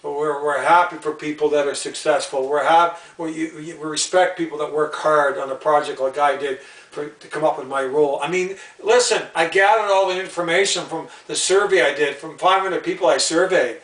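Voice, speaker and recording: A man's voice: fairly high pitch, normal speed, a bit bright, recorded from a distance. A man hosting a home video, ranting and rambling, often repeating himself and stumbling over words. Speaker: channel host. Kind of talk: rambling opinion vlog. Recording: roomy sound, away from the mic.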